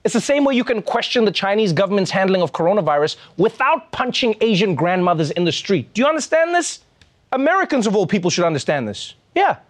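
A man's voice: high voice, big pitch swings, fast, hardly any pauses. A man hosting a late-night comedy show, delivering a scripted monologue with sarcastic, exasperated asides.

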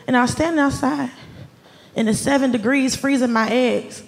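A woman from Atlanta doing a stand-up comedy set, ranting in an animated, exasperated way with sudden outbursts. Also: high-pitched, a little fast, creaky, background noise. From Atlanta, US South. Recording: live club with loud audience laughter.

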